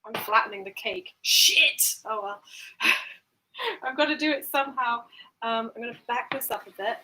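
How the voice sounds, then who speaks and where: Giggly high-voiced woman baking in her kitchen, chatty and sweary, bright tone, laptop mic. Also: normal speed, low-quality recording. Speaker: streamer. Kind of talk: casual chat while baking. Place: home kitchen. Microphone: built-in device mic, not the headset mic.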